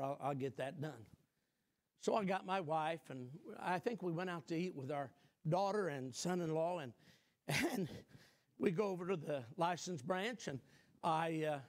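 An older man preaching a sermon, telling a folksy personal story and rising to shouted emphasis. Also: on the high side.

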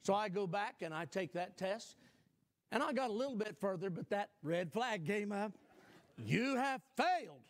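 An older man preaching a sermon, telling a folksy personal story and rising to shouted emphasis. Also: sits high, moderate pace.

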